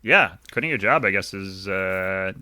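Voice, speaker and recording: Bright, dry-miked podcast co-host. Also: male voice, deep voice, animated, measured pace, clean tone, no echo. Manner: laughing, playful ribbing. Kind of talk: casual movie review chat.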